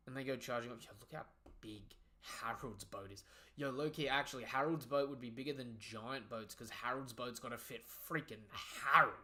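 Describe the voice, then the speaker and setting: A young man hosting a live manga reaction, excitable and slangy, often breaking off and restarting mid-sentence. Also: mid-range voice, moderate pace.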